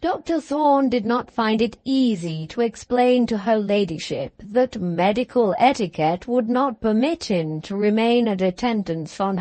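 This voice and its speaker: A woman reads a classic novel aloud in a slow, deliberate way, her voice rising and falling with lively expression. It is a bit higher than usual. The sound is dry and close to the mic. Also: no echo. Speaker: audiobook narrator. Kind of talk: scripted narration of a classic novel.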